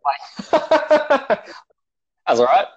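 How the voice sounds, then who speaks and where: A young Australian man guests on a podcast, joking in a laid-back way and often stumbling and restarting sentences. His voice is very high with huge pitch swings, very slow and breathy. The dull lo-fi recording is dry.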